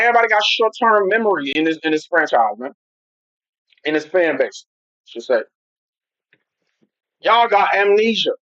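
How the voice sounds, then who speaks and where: A man's voice: a little high, a bit bright, no echo. Loose-talking man on a dull, dry stream. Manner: loose, rambling, talks straight to chat. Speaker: football livestream host. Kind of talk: casual livestream chat. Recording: dull lo-fi home stream audio.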